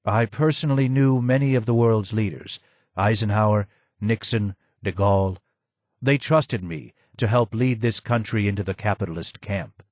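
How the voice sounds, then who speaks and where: A man putting on a broken, disfigured older man in a storybook reading, with a low hoarse voice and a slow, grave, bitterly wry way of speaking. The sound is dry and close. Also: a little mellow, no room sound, close to an everyday voice. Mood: somber. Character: broken, disfigured older man, hidden former royal advisor.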